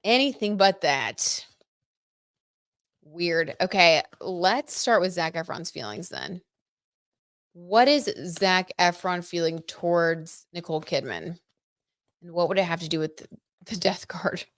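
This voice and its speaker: Her voice is on the low side and expressive, a little slow with frequent pauses, recorded dry at studio quality. She's a tarot reader hosting a livestream, giggly and chatty, addressing viewers directly.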